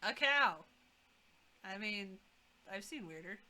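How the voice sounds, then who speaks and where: A woman's voice: medium pitch, expressive, slow, sharp tone. A woman in her thirties casually commenting while streaming a game, with wry, chatty asides.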